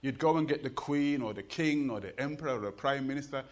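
A middle-aged man with a Birmingham Jamaican accent, telling jokes and stories and reciting poetry on stage in an animated, rhythmic way. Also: medium pitch, fast talker. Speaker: poet and performer. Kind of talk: live storytelling and poetry performance.

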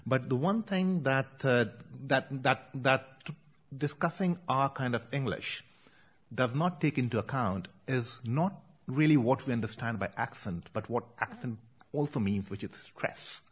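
Indian male poet, slightly husky tone, measured reading cadence, mid-pitched, reading and discussing his own verse. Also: animated. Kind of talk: poetry reading and conversation.

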